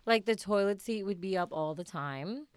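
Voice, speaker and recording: A woman co-hosting a podcast, chatting casually and telling animated stories with plenty of swearing. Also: mid-range voice, moderate pace, clean tone, no echo. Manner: animated storytelling, swears freely. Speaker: podcast co-host. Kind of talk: casual chat.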